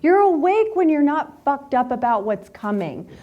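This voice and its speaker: A woman speaking with a voice pitched a little high for a woman, addressing a live group in a motivational workshop. She talks candidly and swears freely. She tells her stories with animated, playful energy. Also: normal speed, narrow, tinny audio. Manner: candid, profane, animated storyteller.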